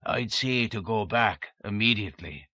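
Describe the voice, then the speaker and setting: A man doing a croaking old ghost. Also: lowish voice, normal speed, bright, forceful tone, dry recording. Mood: stern warning. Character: croaking old male castle ghost, stern. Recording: dull dry lo-fi recording.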